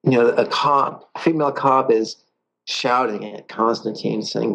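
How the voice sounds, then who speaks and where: Gravelly calm meditation teacher, a man. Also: medium pitch, low-quality recording. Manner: calm and playful, drawn-out pauses. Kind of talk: guided meditation lesson.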